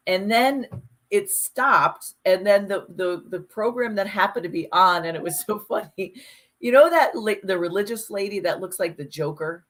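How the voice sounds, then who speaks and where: A woman co-hosting a podcast in casual chat, talking in an animated, emphatic way and swearing freely. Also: mid-range voice, moderate pace. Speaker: podcast co-host.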